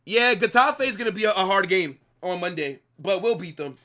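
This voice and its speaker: A man's voice: high-pitched, expressive, brisk, bright, forceful tone. A young man hosting a live football watch-along, ranting at his viewers with heavy profanity and lots of repetition. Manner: profane, ranting, repeats himself.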